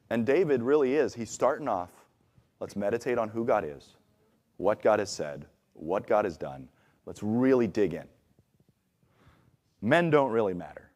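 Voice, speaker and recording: A man's voice: mid-range voice, animated, normal speed, a little mellow. A man preaching a conversational sermon in a church, acting out the voices he quotes. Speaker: pastor. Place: church sanctuary.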